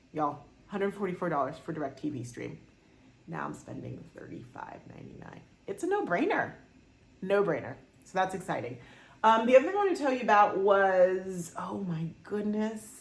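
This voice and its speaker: A woman hosting a casual solo podcast, chatty and animated, with exasperated asides. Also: on the low side, echoey room. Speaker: podcast host.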